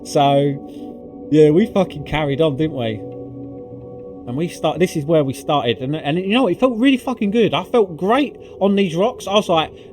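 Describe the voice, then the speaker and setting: A male gaming video creator excitedly recaps a video game climb in casual commentary, swearing freely and using lots of fillers. His voice sits high at normal speed, with background music playing.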